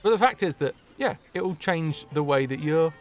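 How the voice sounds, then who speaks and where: A man's voice: a little high, animated, normal speed. A man streaming a video game, chatting and joking in a rambling, casual way. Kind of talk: casual live commentary.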